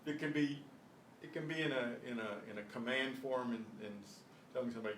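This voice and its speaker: An older man teaching a Spanish class, slow and patient, often clearing his throat, recorded from a distance. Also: mid-range voice, fairly bright tone. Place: classroom at a senior center. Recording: echoey room, mic at a distance, faint noise.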